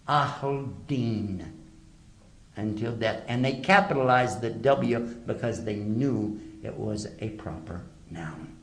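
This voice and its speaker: This religious lecture, given by a man to a live audience, is emphatic and packed with rhetorical questions. His voice sits at medium pitch and he takes it slowly, with the sound echoing around a lecture hall.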